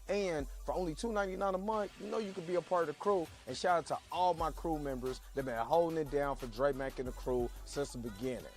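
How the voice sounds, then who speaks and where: A man's voice: a little high, a little fast, hardly any pauses, soft background music. A man hosting a live reaction show, chatting loosely and joking around, rambling with frequent laughs. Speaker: host. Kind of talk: casual reaction livestream chat.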